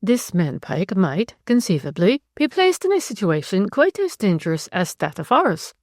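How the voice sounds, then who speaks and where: A woman narrator voicing a cool, calculating woman conspirator who talks with composure and jumps to sharp, bright rises. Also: medium pitch, huge pitch swings, normal speed, no room sound, studio quality.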